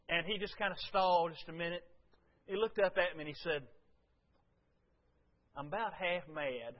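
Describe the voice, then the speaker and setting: A man preaching a folksy, storytelling sermon to his congregation, swinging from loud to hushed. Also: high voice, moderate pace, pauses often, dull audio. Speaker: pastor.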